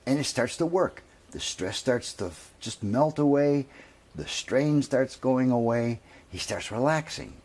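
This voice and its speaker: A man telling a long comic story in a lively, drawn-out way. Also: mid-range voice. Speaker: comedian.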